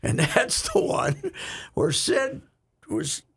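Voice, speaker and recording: A man's voice: huge pitch swings, slow pace, fairly bright tone. An older man, a regular on a sports talk show, telling rambling stories in casual chat and breaking into chuckles. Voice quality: gravelly, husky. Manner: rambling storyteller, chuckling, bursts into high laughs.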